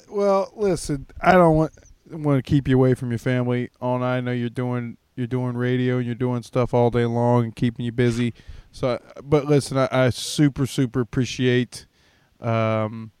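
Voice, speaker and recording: A man's voice: medium pitch, level tone, normal speed, a little mellow, clear, resonant tone, no echo. A man hosting an interview, thanking his guest at length in an earnest, effusive way. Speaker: podcast host. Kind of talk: casual interview chat.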